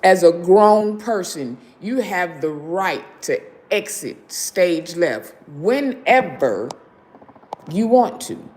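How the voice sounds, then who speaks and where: Slow, emphatic woman streaming in pain. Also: on the low side, expressive, a little mellow. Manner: slow and emphatic, hyping viewers to like. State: in pain, lying down. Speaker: show host. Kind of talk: live-stream commentary.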